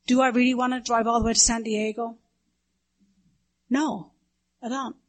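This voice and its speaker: A woman's voice: a little high, flat delivery, normal speed. A middle-aged woman with an Irish accent, telling her personal story to a recovery meeting in a candid, self-mocking way, acting out other people's voices. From Ireland.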